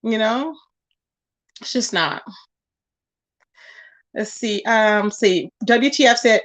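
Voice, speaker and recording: An animated woman hosts a casual livestream, reading comments from her chat. She reacts with quick exclamations and bursts of laughter. Her voice sits a little high. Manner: animated, laughs often, calls viewers baby and child.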